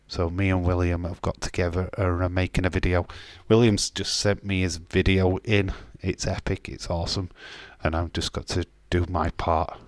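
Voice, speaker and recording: A man's voice: low-pitched, dry recording. A man, casually chatting on a live stream and bantering with chat comments, swearing now and then.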